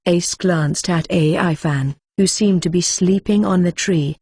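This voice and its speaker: A synthetic woman's voice narrating a novel in an even, mechanical way. It sits low and a bit husky, and the recording is dry and close with no room sound. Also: a little slow, hardly any pauses, no echo.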